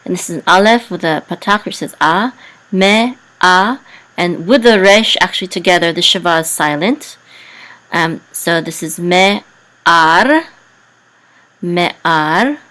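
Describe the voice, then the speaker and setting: A woman teaching biblical Hebrew reading, carefully spelling out letters and vowel sounds with frequent pauses. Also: on the low side, animated, bright, forceful tone, low-quality recording. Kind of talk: slow explanatory lesson.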